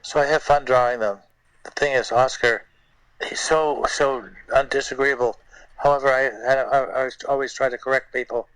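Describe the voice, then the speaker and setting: An older man, a guest puppeteer, telling stories in an interview in a halting way, repeating words and using many fillers. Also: mid-range voice, fairly even intonation, a bit bright, clear, resonant tone, no echo, poor audio. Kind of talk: anecdotal interview storytelling.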